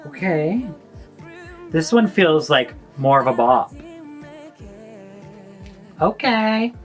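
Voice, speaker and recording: A woman hosting a song reaction video, effusive and bursting into shouts, gasps and bits of singing along. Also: low-pitched, very animated, slow pace. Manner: sings and hums along. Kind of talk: excited song reaction commentary. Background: faint music.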